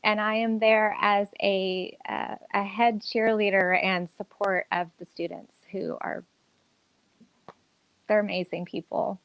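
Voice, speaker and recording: A woman's voice: medium pitch, flat delivery, takes it slowly, a bit bright, clear, resonant tone, no echo, poor audio. A woman who acts and teaches acting, chatting upbeat and enthusiastic in an interview, with plenty of fillers. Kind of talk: casual interview chat.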